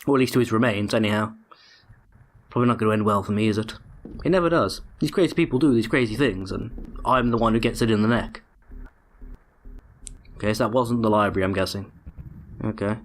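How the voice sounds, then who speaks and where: A man's voice: mid-range voice, slight background noise. A man hosting a let's play, giving sarcastic, joking commentary over a game. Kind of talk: gameplay commentary.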